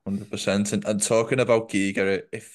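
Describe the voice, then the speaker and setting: A man's voice: on the low side, little pitch movement, brisk. A man hosting an interview, friendly and attentive, asking long questions and murmuring agreement. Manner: friendly, attentive, many short murmured acknowledgements. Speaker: interview host.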